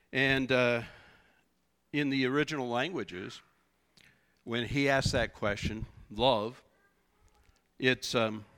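Pastor, male: slow, bright delivery, conversational sermon with lots of asking back. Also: mid-range voice. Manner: animated, conversational preaching with rhetorical questions. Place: church.

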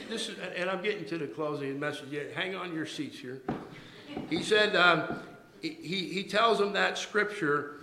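A man in the pulpit delivering a sermon with a bright, forceful voice that sits a little high. He stumbles and repeats words as he builds toward each point, and the church room around him rings with echo. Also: a little hiss or hum. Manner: halting, repeats and restarts words, emphatic preaching. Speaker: pastor.

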